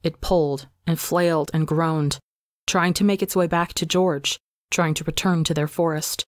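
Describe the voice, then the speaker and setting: A woman narrating a fan story aloud for a podcast in a measured, dramatic storytelling manner. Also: low voice, steady tone, no room sound, clean studio sound. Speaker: podcast reader.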